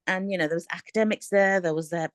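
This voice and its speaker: A woman, talking candidly and in a rambling, animated way on a coaching call, often laughing. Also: fairly low pitch, fast talker, smooth, no echo. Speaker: aspiring author on a coaching call. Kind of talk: candid casual chat.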